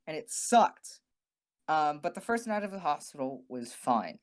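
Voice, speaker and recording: A young man co-hosting a podcast, telling a story in a casual, animated, profane way and acting out the people he quotes. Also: a little high, unhurried. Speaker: podcast co-host.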